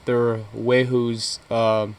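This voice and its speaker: A young man co-hosting a podcast, telling crude stories in a halting, rambling way with many fillers and restarts. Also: medium pitch, completely flat delivery, clear, resonant tone. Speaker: podcast co-host. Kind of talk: casual crude banter.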